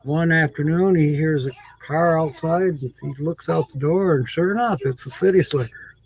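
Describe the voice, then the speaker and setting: A man's voice: a little high, normal speed, darkish tone, husky, low-quality recording. A man hosting his channel, casually telling a long joke in a rambling, chuckling way. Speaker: channel host.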